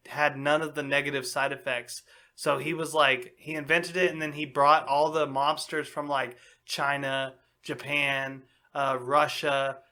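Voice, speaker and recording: A man holds the floor on a laid-back podcast, winding through a story with plenty of filler and cursing. His voice sits a little high and has a bright, forceful edge. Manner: rambling, profane storytelling. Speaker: podcast co-host. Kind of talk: casual chat.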